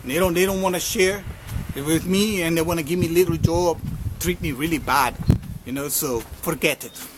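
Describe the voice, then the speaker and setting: An aggrieved man who feels mocked, put on by a storyteller, complains in a lower, hurt voice. There is steady outdoor noise around him. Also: moderate pace, close to an everyday voice.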